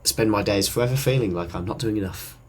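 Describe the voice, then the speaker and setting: A man's voice: fairly low pitch, fast, husky. A man from the UK co-hosting a podcast, chatting in a rambling, jokey way about his work and travels. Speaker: podcast co-host, musician and videographer. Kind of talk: casual podcast chat.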